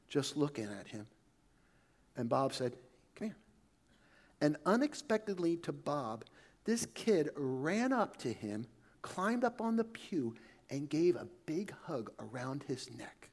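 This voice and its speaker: A man preaching a sermon, telling a story in a conversational way that often sinks to a soft hush. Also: fairly high pitch.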